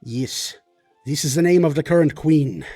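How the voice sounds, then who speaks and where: A man's voice: a little high, normal speed, warm tone, dry recording, faint music behind. A man voicing a masked male royal guard who speaks through an amplifying voice box, making curt, suspicious demands. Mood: stern.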